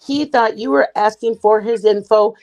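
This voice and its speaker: A woman's voice: a little high, steady tone, normal speed, darkish tone. A woman on a livestream panel casually recounting a chat-room dispute, rambling and often correcting herself. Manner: rambling, self-correcting retelling.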